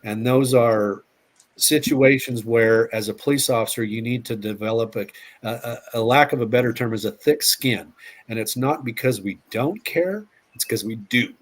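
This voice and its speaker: A man's voice: mid-range voice, moderate pace. A middle-aged man, a police officer, telling stories as an interview guest, often repeating words and acting out quotes. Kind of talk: casual storytelling interview.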